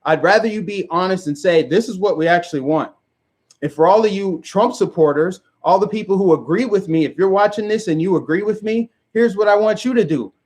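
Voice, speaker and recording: A man's voice: high-pitched, brisk, hardly any pauses, a little mellow. A man giving a direct-to-camera rant as a video commentator, emphatic and firing off rhetorical questions.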